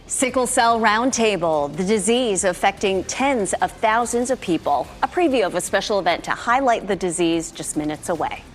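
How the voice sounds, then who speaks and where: A woman's voice: medium pitch, lively intonation, normal speed, hardly any pauses, faint music behind. A woman news anchor reading stories and interviewing a guest in a friendly, conversational way. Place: TV studio.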